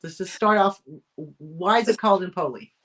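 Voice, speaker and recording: A woman from the United States hosting a live video chat, talking in a casual way with frequent restarts and quick laughs. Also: on the low side, a bit bright. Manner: chatty, laughs often, full of restarts. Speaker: host.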